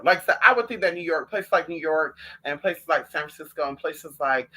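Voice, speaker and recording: A man's voice: on the high side, a little fast. A man vlogging in a sassy, outspoken casual monologue, chatting with the listener and calling them "girl". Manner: animated and outspoken.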